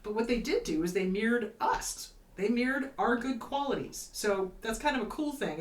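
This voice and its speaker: Animated woman therapist in a roomy space. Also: on the high side, moderate pace, hardly any pauses. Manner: animated, emphatic, acts out quoted voices. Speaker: therapist host. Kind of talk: casual advice talk. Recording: roomy echo, slightly distant from mic.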